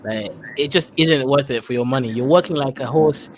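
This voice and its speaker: A man's voice: mid-range voice, fairly quick, noisy background. A man with a Kenyan accent hosting a casual chat, playful and teasing, laughing often. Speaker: host.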